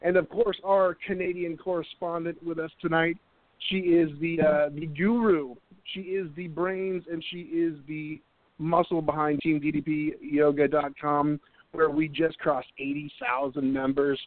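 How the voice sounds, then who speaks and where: A man's voice: on the high side, fairly even intonation, a little slow, no room sound. A man hosting a live internet radio show, chatting casually and energetically with frequent restarts. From North Carolina. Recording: tinny phone-like line.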